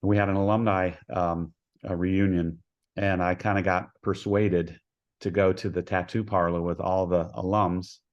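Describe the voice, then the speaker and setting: A man who coaches softball, telling folksy anecdotes as a podcast guest and acting out the dialogue in them. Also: sits low, level tone, normal speed, muffled recording. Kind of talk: storytelling in a podcast interview.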